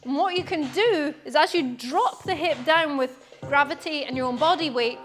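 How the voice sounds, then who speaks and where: A woman's voice: high-pitched, normal speed, a bit bright, faint music behind. A woman teaching a belly dance class, explaining moves and counting beats aloud with encouragement. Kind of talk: online dance class instruction.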